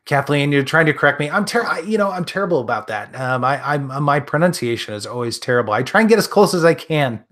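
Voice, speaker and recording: A man's voice: fairly high pitch, expressive, fast, hardly any pauses, a bit bright. Rambling Midwestern man hosting live chat. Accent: Midwestern American. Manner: friendly, rambling, many fillers and restarts. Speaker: gun channel host answering live chat. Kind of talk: casual live-stream chat.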